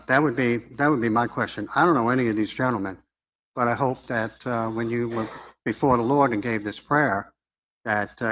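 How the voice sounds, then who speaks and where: A man's voice: on the low side, a bit bright, slight background noise. A man giving a rambling, earnest public comment at a city council meeting, with a preacherly tone. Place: council chamber.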